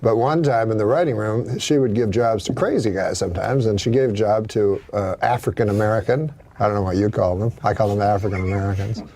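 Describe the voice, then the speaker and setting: A man's voice: on the low side, fairly quick, hardly any pauses, mellow. A male comedian in casual chat, rambling through anecdotes, chuckling and trailing off mid-thought. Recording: noisy recording.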